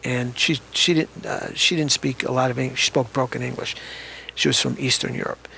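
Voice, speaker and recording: Older man, gravelly voice, interview guest, reflective storytelling, conversational, restarts sentences, faint background ambience. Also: medium pitch, steady tone, fairly quick, pushed and bright, slight background noise.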